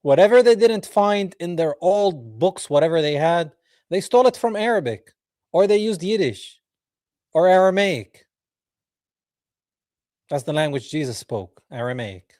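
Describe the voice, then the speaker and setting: A man hosts a reaction video, his pitch bouncing widely as he mocks what he watches and turns to his viewers. He talks slowly and draws out his words. His voice is higher than most men's and sounds close and dry, with no room echo. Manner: animated and mocking, laughing often, addressing viewers as guys. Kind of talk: reaction commentary over a played clip.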